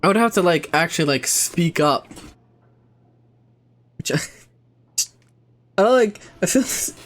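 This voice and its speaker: High-pitched, animated, and a little bright, this young streamer talks slowly while playing. He rambles, swears freely, and keeps interrupting himself.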